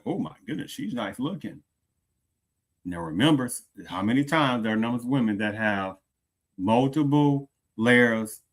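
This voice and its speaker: A man with a mid-range voice hosts a commentary show full of strong opinions. He's emphatic, going from loud to hushed, drawing out stressed words, repeating phrases and asking "do you understand."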